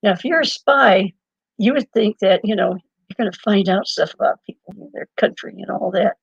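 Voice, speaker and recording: An older woman speaking as an interview guest, her voice gravelly and a little husky. She rambles from one thread to the next and keeps laughing as she talks. The recording is dull and dry, with no room sound. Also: mid-range voice, a little fast, dry recording. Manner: rambling, digressive, laughs often. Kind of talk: conversational storytelling.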